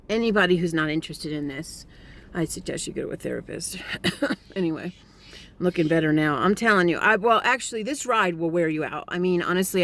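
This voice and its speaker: A woman's voice: sits low, a little hiss or hum. A woman vlogging casually on a trip, rambling and joking as she talks to a phone camera. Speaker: travel vlogger. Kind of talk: casual travel vlog. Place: in a car.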